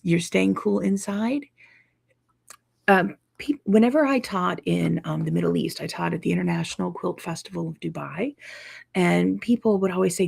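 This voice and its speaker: A tired woman quilting teacher talks casually to her viewers in a low, gravelly, husky voice. She rambles in a friendly way, with yawns and breaks in her speech from lack of sleep. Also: moderate pace. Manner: tired, yawning, chatty, warm with viewers. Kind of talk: casual live chat to viewers.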